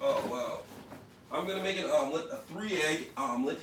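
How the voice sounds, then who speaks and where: A man with a fairly high voice talks at normal speed, with a little hiss or hum in the audio, as he hosts a parody cooking video in his home kitchen. The comedic vlogger keeps it deadpan, boasting and addressing viewers directly with repeated catchphrases.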